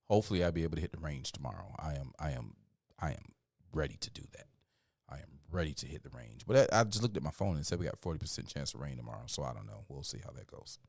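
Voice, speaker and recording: A man hosting a livestream, sounding tired and talking casually, with many fillers and shout-outs. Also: rumbling low, animated, fast talker, gravelly, husky, no echo, clean studio sound. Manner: preachy build-up then laid-back rambling. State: tired, yawning. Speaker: livestream host.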